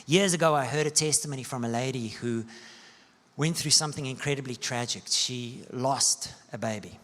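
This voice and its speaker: Preacher in a reverberant hall. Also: male voice, medium pitch, normal speed. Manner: storytelling preacher with sweeping rises and soft dips. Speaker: pastor. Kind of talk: sermon. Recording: long church-hall reverb.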